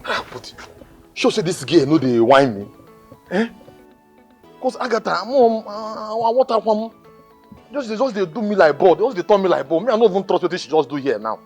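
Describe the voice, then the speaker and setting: Brief: a suspicious young boyfriend, Nigerian Pidgin accent, pleading and repetitive, animated pitch. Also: male voice, normal speed, soft background music. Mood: musing. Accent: Nigerian Pidgin English. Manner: pleading, repeats himself, mixes in Igbo. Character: young man, jealous and suspicious lover. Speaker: film character. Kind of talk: Nollywood film acting.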